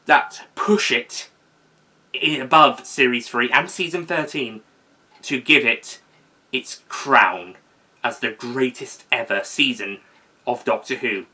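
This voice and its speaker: A young man talking casually in an unscripted video, rambling, correcting himself and filling pauses with um. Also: mid-range voice, pushed and bright. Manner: rambling, with fillers and self-corrections. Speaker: video host ranking seasons.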